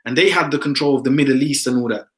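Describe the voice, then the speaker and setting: Man, emphatic talker, casual discussion, mid-pitched voice. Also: rapid-fire, low-quality recording. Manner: emphatic, often ends phrases with "man".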